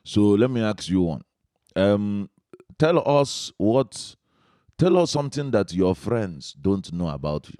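A man's voice: on the low side, big pitch swings, slow, warm tone, no echo, studio quality. A man hosting a podcast, asking playful, teasing questions in casual chat. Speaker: podcast host.

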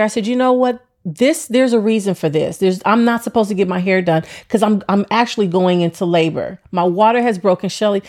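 A woman recounting a personal story, acting out her own past words in lively quoted asides and swearing freely. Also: medium pitch. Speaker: interviewee recounting her childbirth.

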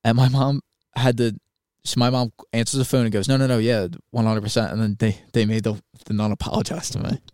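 A young man co-hosting a podcast, telling a story in a casual, animated, swearing way and acting out quoted voices. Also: mid-range voice, a little fast, clean tone, no echo, studio quality. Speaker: podcast co-host.

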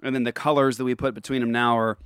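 A man's voice: mid-range voice, little pitch movement, fast talker, a bit bright, clean tone, no echo. Chatty man hosting, dry close sound. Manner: storytelling, chatty, laughs easily. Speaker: podcast host. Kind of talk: casual chat.

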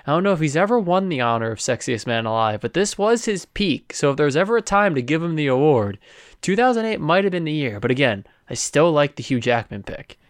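A man's voice: a little high, very animated, fairly quick, no echo, studio quality. A man co-hosting a casual podcast, chatty, leading the segment questions. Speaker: podcast co-host. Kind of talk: casual sports podcast chat.

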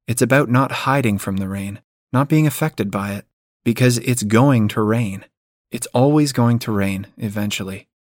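A man voicing a young woman who is dreamy, playful and thoughtful, speaking gently with teasing turns in an audiobook reading. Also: mid-range voice, normal speed, no echo, studio quality, lightly acted. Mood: reflective. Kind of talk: audiobook dialogue.

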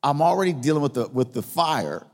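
A man's voice: on the high side, very animated, a little fast, big-room sound. A man preaching a sermon as a pastor, telling a story in a conversational way and repeating phrases for emphasis.

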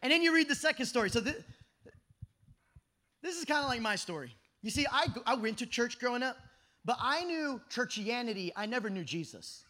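A man in his thirties preaching an energetic youth sermon at a camp meeting, telling stories that swing from shouting to hushed. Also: very high voice, brisk. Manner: animated storytelling, shifts from shouting to hushed.

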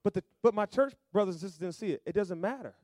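A male pastor preaching a sermon, calling to the congregation and rising to loud emphatic bursts. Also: high-pitched, animated, fast, dry recording, clean studio sound.

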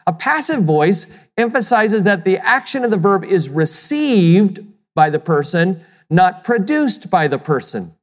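A pastor delivers a sermon in a middle-pitched voice, pressing points home with rhetorical questions and the odd repeated word. The sound rings with the long reverb of a large hall. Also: very animated, measured pace, few pauses. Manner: emphatic, asks the listeners rhetorical questions; repeats words when restarting.

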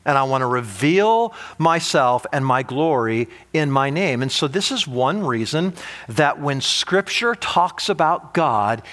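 A male pastor preaching a sermon, animated, asking the audience rhetorical questions and often restarting and repeating words. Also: a little high.

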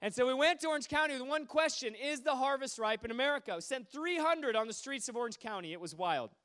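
A man preaching a sermon, telling stories with lively energy and acting out the voices of the people in them. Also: very high-pitched, fast, clear, resonant tone. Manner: animated, acts out quoted voices. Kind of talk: sermon storytelling.

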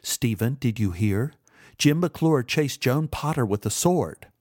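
A man's voice: medium pitch, expressive, measured pace, a little mellow, no room sound, clean studio sound. Man doing an eager student gossip. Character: gossiping female college student.

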